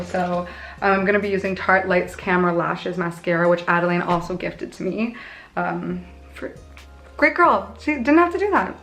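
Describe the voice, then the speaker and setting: A woman's voice: on the low side, a bit bright. A young woman in her twenties from Canada, chatting through a casual makeup tutorial with bubbly, self-mocking asides. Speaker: beauty vlogger.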